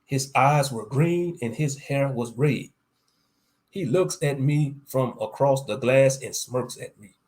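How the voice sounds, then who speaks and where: A man reading a story aloud as its narrator, in a plain, unhurried way. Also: medium pitch, darkish tone.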